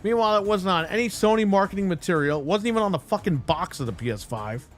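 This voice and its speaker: Talking fast with lively intonation, a fairly high-voiced man rants on a live stream over faint background music. The rant is angry, blunt, and full of profanity, and he mocks the voices of the people he quotes.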